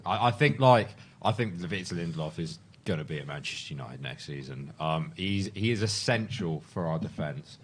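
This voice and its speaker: A man chatting about football on a live stream, often pausing and restarting. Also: deep voice, expressive, slight background noise. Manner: hesitant, many fillers and restarts. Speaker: panelist. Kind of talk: casual live-stream chat.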